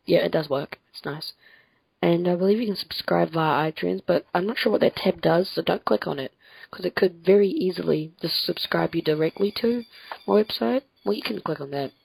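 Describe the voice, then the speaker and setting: Gravelly, husky young woman from France. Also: on the low side, a little fast, darkish tone, no room sound, low-quality recording. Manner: rambling, self-correcting, laughs often. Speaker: podcast host. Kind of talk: casual chat. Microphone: home computer mic on a Skype call.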